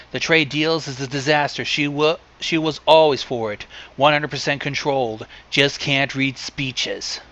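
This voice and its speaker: A man reading a long list aloud in a plain deadpan way, adding dry asides now and then. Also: fairly high pitch, dull audio. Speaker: reader.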